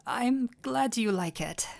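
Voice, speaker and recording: A woman voice actor with a fairly high pitch, vocal fry, and a dark tone performs in a heavily acted style. In an audio role-play she voices a sweet, clumsy male dullahan boyfriend, sounding tender, giddy with affection, and playfully teasing herself.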